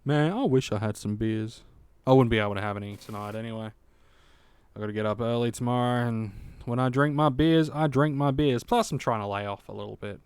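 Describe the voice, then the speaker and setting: Smooth-voiced man muttering through a game stream. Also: mid-range voice, fairly quick, a little mellow, dry recording. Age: late 20s. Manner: chatty, swearing, muttering to himself. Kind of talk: casual gaming livestream commentary.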